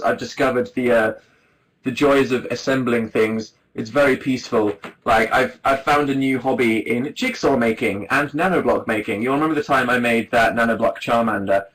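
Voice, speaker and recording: A man in his twenties hosts a casual livestream, chatting to viewers in a rambling, self-deprecating way and laughing often into his webcam mic. His medium-pitched voice is a bit bright, and the recording quality is low.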